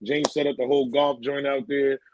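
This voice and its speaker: A man's voice: medium pitch, fairly quick, lo-fi sound, a little hiss or hum. A man co-hosting a podcast, telling stories in loose, slangy casual chat. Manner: animated storytelling, loose slangy talk. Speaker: podcast co-host.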